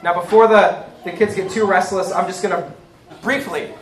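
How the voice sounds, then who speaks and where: A man's voice: high voice, steady tone, normal speed, reverberant. A male pastor preaching a sermon in a conversational way, often stopping to ask "right?" and correcting himself.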